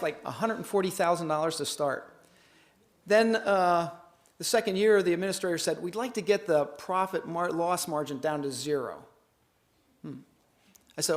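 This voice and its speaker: Man, keynote speaker, folksy storyteller, slightly high voice. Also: moderate pace, long pauses. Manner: folksy, animated, acts out dialogue.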